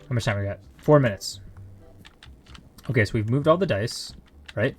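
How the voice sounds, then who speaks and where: A man's voice: on the low side, lively intonation, normal speed, pauses often. A man streaming a shop simulator game live, talking to himself with frantic exclamations and silly mild curses over faint music and keyboard clicks. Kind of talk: casual live gameplay commentary.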